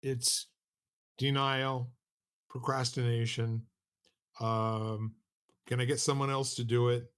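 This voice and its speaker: A man's voice: medium pitch, level tone, slow pace, long pauses, a bit bright, clean tone. A man co-hosting a conversational podcast, telling stories in a loose, rambling way with frequent restarts and asides. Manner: rambling, with many restarts and "you know" asides. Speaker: podcast co-host. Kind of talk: casual conversational storytelling.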